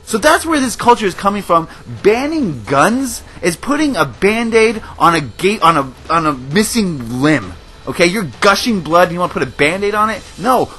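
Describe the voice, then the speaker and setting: A man's voice: high voice, very animated, normal speed, hardly any pauses, pushed and bright. A man hosting a gaming video, giving a passionate, emotional rant to his viewers. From United States. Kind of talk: ranting commentary over gameplay.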